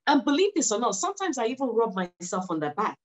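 A woman's voice: on the high side, big pitch swings, fast, low-quality recording. A woman, a guest on a podcast interview, speaking earnestly and encouragingly and repeating words for emphasis. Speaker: podcast guest, mindset stylist. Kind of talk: conversational interview.

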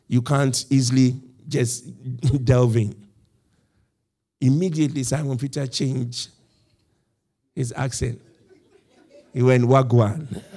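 A man's voice: mid-range voice, a little mellow. A male pastor preaching a sermon, telling the story with animation, acting out the quoted voices and laughing as he goes. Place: church.

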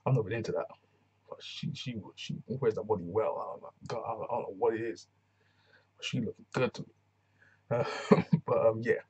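A man's voice: fairly low pitch, fairly quick, a little mellow, slightly rough, lo-fi sound. A man giving a casual, rambling recap of a TV episode, full of slang and restarts. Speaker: TV reviewer.

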